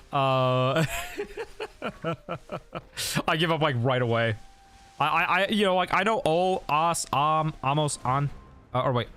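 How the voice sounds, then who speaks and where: A man's voice: medium pitch, a bit bright. A young man streaming while he plays a game, chatting loosely with viewers, often sidetracked and laughing at his own stories. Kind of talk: casual live-stream chat while gaming.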